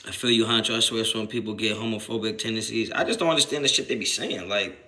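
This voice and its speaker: Here a New Jersey man with a fairly low pitch talks fast on his sports livestream, reading chat aloud and answering in slangy, profane language. He's animated and repetitive, often starting over, and when irritated he swears more and climbs to a shout.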